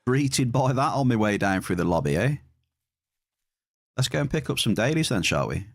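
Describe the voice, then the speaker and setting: A man's voice: mid-range voice, very animated, normal speed, no room sound, clean studio sound. Playful man streaming a game. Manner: playful, teasing banter with chat. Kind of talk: live game stream commentary.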